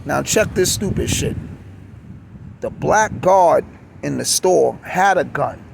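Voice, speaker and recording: Gravelly new guy ranting on the street, keeps repeating himself, cars going by loud. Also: a little high, animated, slow pace. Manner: insistent, repetitive ranting with stumbling restarts. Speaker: vlogger. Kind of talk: outdoor street rant. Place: city street outdoors. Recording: street traffic noise behind.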